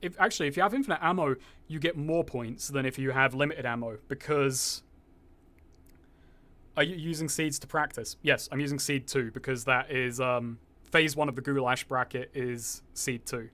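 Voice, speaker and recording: This young streamer has a bright, forceful, mid-range voice and talks at a moderate pace. He chats casually while gaming, rambles, swears freely and reads out chat, all in a slightly posh-sounding voice.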